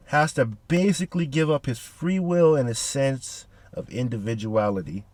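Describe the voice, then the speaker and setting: A man casually recapping a manga chapter with heavy profanity and slang, excitable and animated. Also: on the high side, no room sound.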